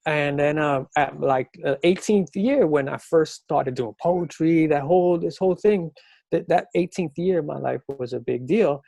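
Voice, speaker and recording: A middle-aged man from New York chats as a podcast guest, telling lively, slangy stories. His voice sits a little high. The sound is dry and close. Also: a little slow, creaky, dry recording. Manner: animated storyteller, slangy, mimics people in high voices. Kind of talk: casual chat.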